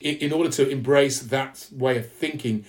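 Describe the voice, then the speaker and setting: A man from London with an English accent, a podcast guest talking candidly and reflectively, often restarting his sentences. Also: mid-range voice. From London, England. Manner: earnest, reflective, halting with restarts. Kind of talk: candid conversational interview.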